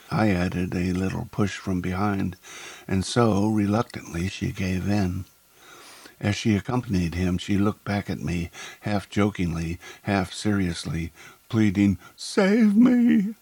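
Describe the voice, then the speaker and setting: A man narrating a first-person story in a measured, descriptive way. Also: deep voice, vocal fry, a little mellow, breathy edge, no room sound.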